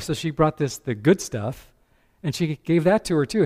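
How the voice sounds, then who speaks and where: A man preaching a sermon as pastor, animated, breaking into character voices. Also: fairly high pitch, normal speed.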